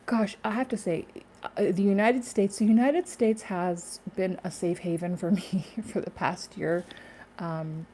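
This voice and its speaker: A woman's voice: lowish voice, fairly even intonation, unhurried, mellow, a little hiss or hum. A woman talking casually in a spiritual vlog, rambling with many fillers and laughing to herself. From Canada. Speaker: spiritual YouTuber.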